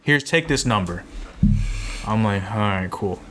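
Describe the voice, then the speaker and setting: A man's voice: fairly low pitch, lively intonation, unhurried, a bit bright, a little hiss or hum. A young man in his twenties, co-hosting a podcast and telling a rambling, swear-filled story in casual chat. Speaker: podcast co-host.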